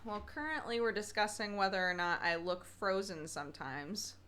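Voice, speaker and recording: A woman's voice: mid-range voice, moderate pace, a bit bright, smooth. A woman streaming a game, chatting casually with viewers in a rambling way and laughing often. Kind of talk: casual chat with viewers while gaming.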